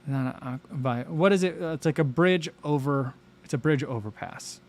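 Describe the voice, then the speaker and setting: A man's voice: on the high side, moderate pace. A man in his thirties hosting a casual livestream, chatting in a rambling way and reading viewer comments aloud. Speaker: livestream host.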